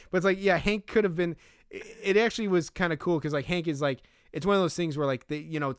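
Smooth-voiced man recapping a movie. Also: sits high, moderate pace, dry recording, clean studio sound. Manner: animated, laughs often, acts out quotes. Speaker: podcast co-host. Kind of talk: casual movie recap chat.

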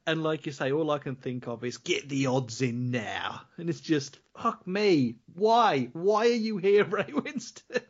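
A man's voice: on the high side, expressive, measured pace, hardly any pauses, muffled recording. A man co-hosting a casual film-review podcast, rambling, laughing often and swearing. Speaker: podcast co-host.

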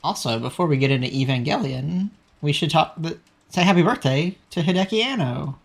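A man co-hosting a casual podcast chat. He ribs his friends with dry, mock-serious sarcasm. His voice is a touch high for a man. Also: lively intonation, brisk, gravelly, slightly rough. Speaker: podcast co-host.

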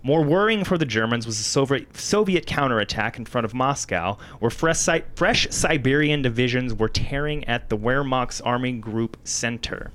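A man's voice: mid-range voice, moderate pace, hardly any pauses, fairly bright tone. A man with an Ohio accent co-hosting a podcast, reading history notes aloud. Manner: reads history aloud, breaks into laughs. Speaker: podcast co-host.

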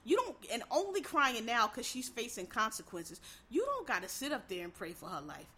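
A woman's voice: on the high side, big pitch swings, fairly quick, sharp tone, slightly rough. Blunt, profane woman in a heated rant. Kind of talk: impassioned monologue to viewers.

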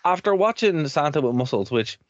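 A man's voice: a little high, very animated, a little fast, no echo, highs cut off. Rambling male radio co-host. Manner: rambling, laughs often. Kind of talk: casual chat.

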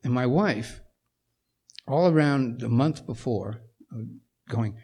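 A man's voice: medium pitch, unhurried, long pauses, slightly rough. An older man, a composer-conductor, telling anecdotes to a luncheon audience and acting out the voices of people in his stories. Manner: animated storyteller who acts out quoted voices.

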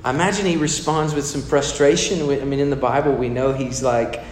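A man's voice: medium pitch, steady tone, a little fast, few pauses. A man preaching a sermon in a conversational way, asking the congregation questions. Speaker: pastor. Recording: echoey hall with long reverb, faint room noise.

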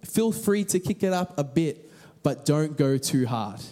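A man quoting a calm, encouraging male running coach who gives steady instructions. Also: on the high side, a little slow, big-room sound.

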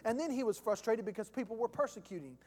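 A man's voice: high voice, animated, fast, darkish tone. A man preaching a sermon as pastor, impassioned and calling out to his congregation. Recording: long hall reverb.

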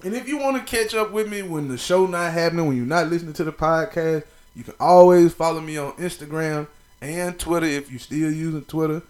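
A young man hosting a podcast, talking sports in a casual, profane, playful monologue full of shout-outs. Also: fairly high pitch, brisk. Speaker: podcast host.

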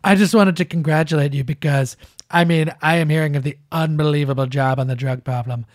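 Guy reading as a bragging leader type on a late night call, a bit high, flattering and rambly, dry sound. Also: a little fast, no room sound, natural voice. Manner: flattering, rambling, read from a transcript. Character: boastful male head of state on a late-night phone call. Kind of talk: comic read-through of a transcript.

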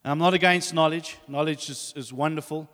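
A man preaching a sermon, telling stories in an animated way and acting out the voices, with long hall reverb. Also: fairly high pitch, brisk. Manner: animated storytelling, acts out voices.

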